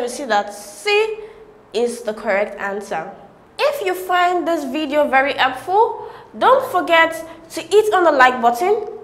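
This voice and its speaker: A woman's voice: high-pitched, fairly bright tone, echoey room. A woman, working through exam questions as a tutor and reading each option in turn. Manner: methodical, reads options one by one.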